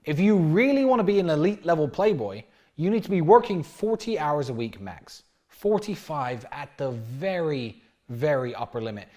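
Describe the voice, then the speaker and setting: A man in his thirties giving a brash, animated dating lecture, often acting out bits of dialogue. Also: on the high side, normal speed. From United Kingdom. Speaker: dating coach. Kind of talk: lecture-style monologue.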